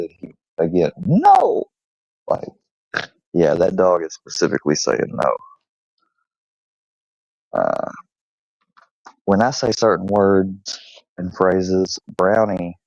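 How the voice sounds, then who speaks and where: A man's voice: sits low, a little mellow, no echo, lo-fi sound. A man hosting his channel, telling stories about his dog in a casual, swearing way and slipping into baby talk with the dog. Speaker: channel host. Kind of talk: casual storytelling to camera.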